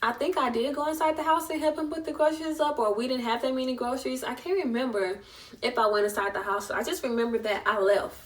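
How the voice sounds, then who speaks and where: A young woman vlogger, far from the mic, tells an emotional personal story and acts out the voices of the people in it. Her voice sits high and steady, and she talks fast in a chatty, emotional retelling full of voiced quotes.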